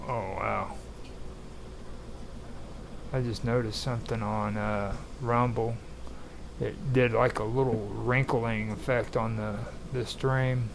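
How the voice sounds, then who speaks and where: A man's voice: medium pitch, flat delivery, takes it slowly, creaky, long pauses, slight background noise, low-quality recording. A man hosting a live stream in casual tech chat, rambling loosely with lots of filler words. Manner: loose, rambling, heavy use of "frickin'" and "like".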